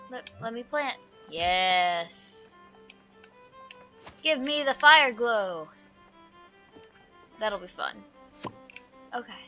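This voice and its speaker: A woman's voice: on the high side, fairly bright tone. A woman streamer giving casual gameplay commentary, chatty and jokey, thinking aloud as she plays.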